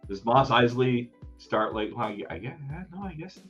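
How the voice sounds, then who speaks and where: A man's voice: medium pitch, expressive, moderate pace, a bit bright, breathy edge, highs cut off, faint music behind. A man co-hosting a casual gaming podcast, joking and teasing in a playful, loose way with some swearing. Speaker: podcast co-host.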